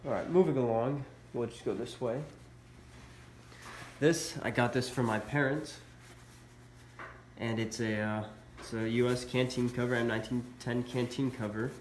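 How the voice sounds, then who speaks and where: A man, congested from a cold, casually shows his military collectibles in a show-and-tell vlog, hesitating with many uhs. His medium-pitched voice moves at normal speed with fairly even intonation. Echo fills the room, along with faint background noise.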